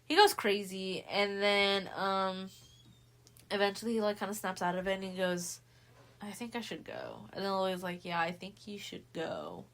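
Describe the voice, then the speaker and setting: A young woman talking fast and loose as she recaps a book, heavy on slang and swearing. She throws herself into the characters' lines with sudden bursts of voice, keeping a loose, unscripted chat feel. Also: medium pitch. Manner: animated, acts out characters' lines in quick voices. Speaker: podcast host.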